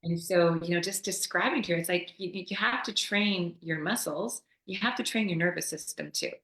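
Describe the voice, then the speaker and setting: Woman, yoga teacher, casual call. Animated, laughs a lot, bright forceful tone, roomy echo. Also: lowish voice, moderate pace. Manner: animated, laughs often, acts out quoted voices. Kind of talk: casual explanatory chat on a call.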